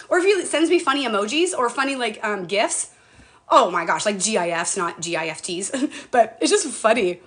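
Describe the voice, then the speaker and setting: Woman, middle-aged, fairly high voice, bubbly, chatty, live-stream host at home. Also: big pitch swings, moderate pace, a bit bright. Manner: chatty, bubbly, greets viewers by name. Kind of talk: casual live-stream chat.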